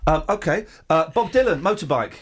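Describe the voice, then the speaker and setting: A man's voice: fairly high pitch, animated, brisk. A man in his forties hosting a radio show, rambling and joking with restarts in casual banter. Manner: rambling, jokey, stumbles and restarts. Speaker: radio host.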